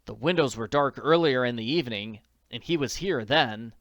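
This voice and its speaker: A man's voice: mid-range voice, moderate pace, fairly bright tone, no echo, dull audio, natural voice. A man reading an audiobook, voicing an ailing, distressed middle-aged man in a pleading, overwrought manner. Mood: distraught. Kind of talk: audiobook character voice.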